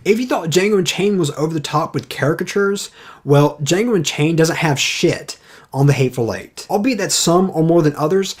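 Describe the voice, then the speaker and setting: A man giving a casual spoken film review, blunt and opinionated. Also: medium pitch.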